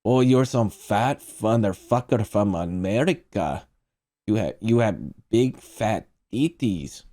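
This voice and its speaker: A man's voice: on the low side, expressive, takes it slowly, mellow. A man putting on a taunting Russian mobster. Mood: mocking. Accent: put-on Russian accent. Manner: taunting, crude insults. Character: mocking male Russian mobster.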